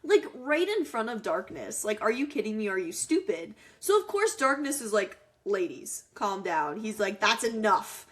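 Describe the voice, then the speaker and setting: Woman, podcast co-host, joking, chatty, fillers, slightly high voice. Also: very animated, moderate pace, few pauses. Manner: chatty, joking, frequent likes. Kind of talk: casual movie chat.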